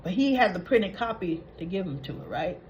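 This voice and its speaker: A woman's voice: lowish voice, lively intonation, a little fast, a little hiss or hum, low-quality recording. A woman hosting a casual soap opera recap, chatting through the episode and acting out the characters' lines as she goes. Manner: chatty, retells scenes acting out quoted lines.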